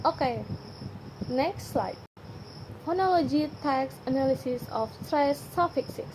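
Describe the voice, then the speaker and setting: High-voiced young woman reading slowly. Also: animated. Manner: careful, repeats each word twice. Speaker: student presenter. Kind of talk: reading a class presentation. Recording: noisy home recording with crickets. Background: crickets and insects.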